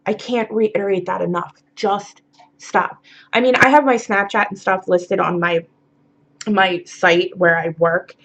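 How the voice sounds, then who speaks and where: A woman's voice: medium pitch, fairly even intonation, measured pace, a bit bright. A tired woman vlogging, talking bluntly and frankly with lots of swearing and filler words in a rambling confessional monologue.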